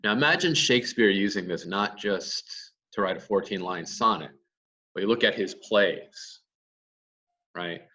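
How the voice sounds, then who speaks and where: A man's voice: lowish voice, unhurried, sharp tone, distant mic, lo-fi sound. A male teacher giving a lecture, explaining step by step and answering his own questions. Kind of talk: classroom lecture.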